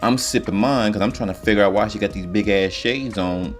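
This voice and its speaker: A man's voice: on the low side, brisk, faint music behind. A man telling a comedic story in a loose, rambling, profane way.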